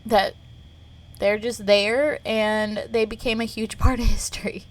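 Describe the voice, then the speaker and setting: A young woman co-hosting a podcast in casual chat, pausing often with fillers as she reads out facts. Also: on the high side, fairly even intonation. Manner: hesitant, many fillers. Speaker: podcast co-host.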